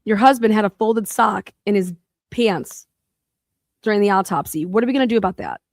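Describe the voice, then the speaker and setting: A woman in the middle of an angry, profanity-laced rant, her voice sitting at an ordinary pitch. She talks as a podcast host, heated and relentless. The recording is close and dry, with no room around her. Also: brisk, dry recording. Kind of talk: angry monologue.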